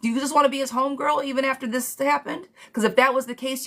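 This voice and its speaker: A woman's voice: high-pitched, steady tone, fast, fairly bright tone. A woman giving a live tarot reading, talking bluntly to viewers, swearing freely and calling them sweet pet names. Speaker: tarot reader.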